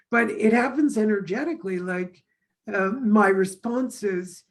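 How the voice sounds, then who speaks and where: Chatty woman telling lively stories. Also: mid-range voice, unhurried, rough recording. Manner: animated storyteller, acts out quoted dialogue. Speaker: course teacher. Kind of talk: casual conversation.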